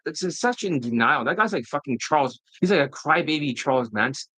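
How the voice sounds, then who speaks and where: A man's voice: a little high, animated, fairly quick, hardly any pauses, sharp tone, slightly rough, no echo, rough recording. A middle-aged man giving a blunt, profane coaching rant, often tossing in "right?". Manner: keeps asking "right?" to prompt agreement. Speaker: dating coach. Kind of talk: ranting coaching monologue.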